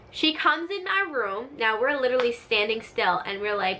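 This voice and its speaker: A woman hosting her own storytime vlog, chatty and animated, full of filler words. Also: a little high, normal speed, slight background noise. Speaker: vlogger, channel host. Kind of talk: casual storytime monologue.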